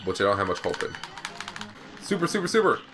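A man's voice: on the low side, big pitch swings, quick pace, over music. A young man hosting a co-op let's play, joking, laughing and swearing through casual gaming commentary. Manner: profane, laughing, teasing banter.

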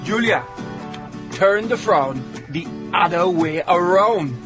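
A breezy fake-Jamaican office cheerleader. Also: male voice, high-pitched, expressive, slow. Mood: upbeat. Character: cheerful office worker putting on a Jamaican accent. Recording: commercial clip with music behind.

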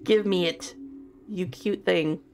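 A woman's voice: on the low side, slow pace, darkish tone, faint music behind. A woman streaming a horror game in a giggly, chatty way, swearing casually as she plays. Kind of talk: casual live-stream chat.

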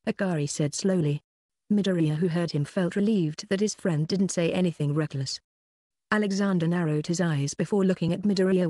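An audiobook narrator reading a novel in a steady, even way. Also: mid-range voice, moderate pace, no echo, clean studio sound. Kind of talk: scripted narration.

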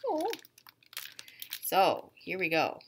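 A museum educator reads a picture book aloud to young English learners, her delivery animated and repetitive, now and then sinking to a soft whisper. Her voice sits on the low side and moves very slowly, with a little hiss or hum in the recording.

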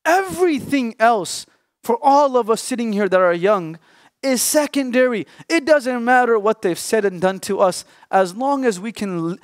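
Young male preacher, high voice, dry close recording, emphatic sermon that drops into hushed pauses. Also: no echo. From Canada. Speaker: Islamic scholar. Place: mosque or lecture hall.

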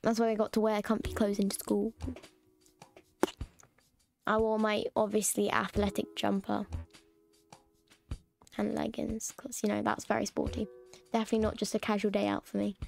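A woman's voice: mid-range voice, completely flat delivery, moderate pace, gravelly, long pauses, a little mellow, soft background music. A woman chatting casually and rambling while she streams a game. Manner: chatty, rambling, self-mocking.

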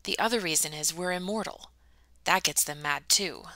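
A stout, scolding older woman from a storybook, brusque and matter-of-fact, as a woman reads her lines. The voice is a little low, bright and crisp, with no echo. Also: normal speed. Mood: brisk.

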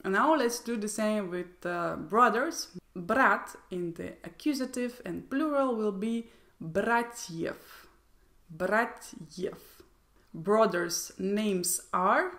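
A woman's voice: mid-range voice, expressive, fairly bright tone. A woman with a Russian accent, a native Russian speaker, teaching a language lesson and carefully repeating example phrases. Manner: slow, deliberate repetition of example phrases.

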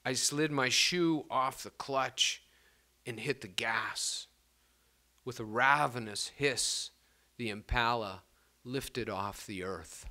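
A male poet giving a public reading of his work, measured and expressive, with casual asides between pieces. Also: medium pitch. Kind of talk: literary reading to an audience.

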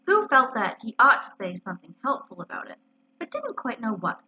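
A woman, a librarian, reading a children's story aloud in an expressive storytelling way, on a muffled lo-fi recording. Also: on the high side, fairly quick, slightly rough.

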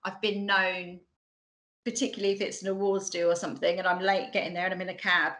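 A woman's voice: fairly low pitch, flat delivery, quick pace, a bit bright, rough recording. Chatty woman with a Mockney accent. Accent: Bracknell, Mockney-like estuary. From England. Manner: chatty, frequent ums and restarts. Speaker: conference speaker. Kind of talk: online conference talk.

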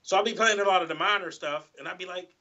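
A man's voice: high voice, quick pace, sharp tone, muffled recording. A man, a guest guitarist, chatting casually in an interview, rambling and full of "you know"s and restarts.

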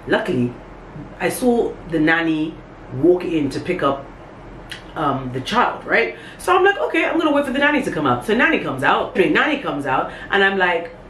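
Animated woman telling a story. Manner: animated, acts out quotes with big pitch jumps. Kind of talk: casual storytime monologue. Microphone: camera on a tripod. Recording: echoey room with faint background hum.

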